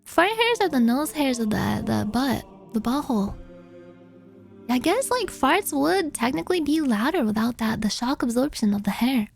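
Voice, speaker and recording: Reading viewer confessions in a casual chat, this streamer has a creaky voice. She stays animated, swearing freely and letting out squeaky outbursts.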